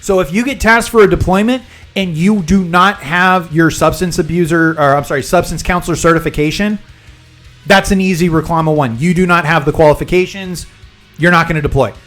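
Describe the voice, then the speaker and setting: High-voiced chatty male streamer. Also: a little fast, fairly bright tone, soft background music. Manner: chatty, rambling storyteller who explains jargon. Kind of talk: casual live-stream chat and storytelling.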